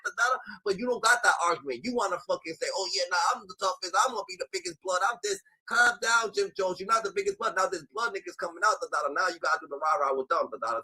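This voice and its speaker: A man giving ranting commentary, animated and profane, packed with filler sounds. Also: extremely high pitch, slightly rough, low-quality recording.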